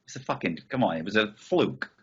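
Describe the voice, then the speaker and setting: A man voicing a laid-back accomplice who bargains flatly for cash, a little lower than his own voice. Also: a little fast, husky, muffled recording, exaggerated voice. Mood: offhand.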